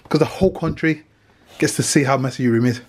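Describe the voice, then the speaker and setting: A British man vlogs with his family on a handheld camera, teasing, joking and bantering in a casual way. He talks fast in a mid-range voice.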